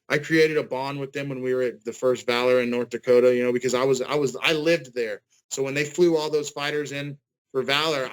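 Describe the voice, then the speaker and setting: A man's voice: mid-range voice, poor audio. A man in his forties, a fighter giving a casual interview over a video call, earnest and rambling, often restarting his sentences. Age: 40s. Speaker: guest fighter.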